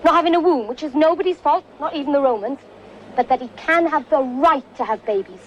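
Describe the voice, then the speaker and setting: A woman playing an earnest female revolutionary in an old comedy film, explaining in a measured way. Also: sits high, natural voice. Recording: dull old film clip with hiss.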